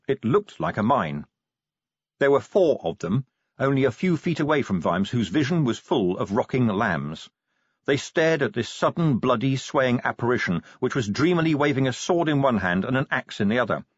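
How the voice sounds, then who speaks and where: Husky-voiced male audiobook narrator. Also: mid-range voice, moderate pace, no room sound, dull audio. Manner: expressive, dramatic storytelling. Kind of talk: scripted fantasy narration.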